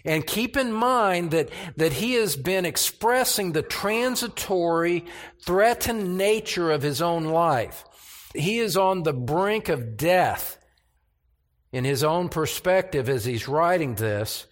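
An older man preaching an expository sermon, slow and deliberate, with emphatic rises on key phrases. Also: a little high, lively intonation.

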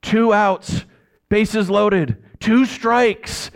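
A man giving a casual, animated Bible teaching, chatty and quick to laugh, full of rhetorical questions. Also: sits high, clear, resonant tone.

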